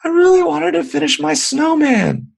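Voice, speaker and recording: A man's voice: extremely high pitch, sing-song, normal speed, gravelly, voice pushed up, exaggerated voice. A man voicing his small, sad, cold little daughter in a plaintive voice. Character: sad tired little girl, soft and small.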